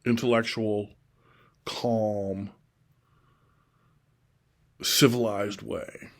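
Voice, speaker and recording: A middle-aged man from Oregon giving a slow, deliberate, repetitive solo monologue about his political views. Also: lowish voice, little pitch movement. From Oregon, USA. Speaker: self-styled presidential candidate.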